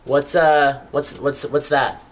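Woman as an irritated, disbelieving pal, low, halting delivery. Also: fairly even intonation, slight background noise. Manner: halting, stammering, incredulous. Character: exasperated friend, skeptical and irritated. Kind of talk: comedy sketch acting.

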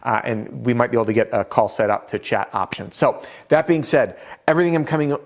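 A man's voice: medium pitch, lively intonation, fast. Upbeat man coaching sales to camera. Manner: upbeat, direct, self-deprecating. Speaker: sales trainer.

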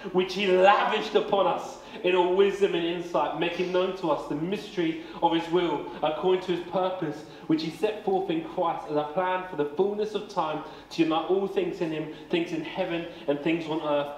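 A man in his late twenties preaching a family service sermon in a church hall, energetic and jokey, often repeating words as he starts a sentence. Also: on the high side, slight background noise. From England. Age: 20s. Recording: echoey hall, faint ambience.

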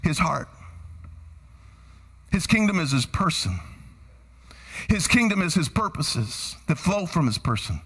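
A man preaching a sermon as pastor, quizzing the congregation with lively shouts and then dropping to hushed, earnest tones. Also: fairly high pitch, a little slow, pauses often, husky, big-room sound. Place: church sanctuary.

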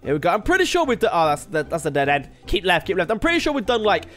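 Chatty lively high-voiced young man. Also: quick pace, faint music behind. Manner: chatty, rambling, laughs at himself. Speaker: gaming video host. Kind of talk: casual let's-play commentary.

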